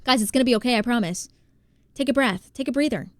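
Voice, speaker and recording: This New Jersey streamer talks casually during gameplay, reading and thanking her chat and exclaiming often. Her voice is on the high side, recorded dry with studio quality.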